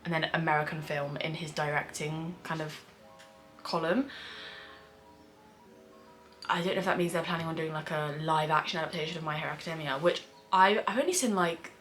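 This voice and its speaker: In a deep, steady, fairly bright voice, a young British woman speaks briskly but pauses often as she reacts to a show. She's a screenwriter vlogging casually at home on a hot day with the windows open, rambling with lots of fillers and swearing over soft background music.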